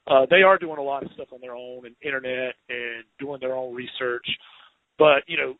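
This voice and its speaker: A man with a Southern accent hosting a podcast interview, chatty and quick to laugh, with many restarts. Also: medium pitch, dry recording. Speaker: podcast host, home inspector. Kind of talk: casual interview chat. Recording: dry, phone-like narrow sound.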